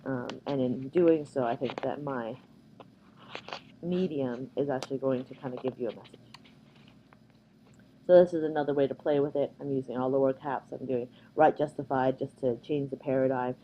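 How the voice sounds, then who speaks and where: A woman's voice: extremely low pitch, fairly even intonation, moderate pace, dull audio, slight background noise. A woman from Canada giving a conversational recorded slide lecture, with frequent ums and uhs. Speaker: workshop presenter.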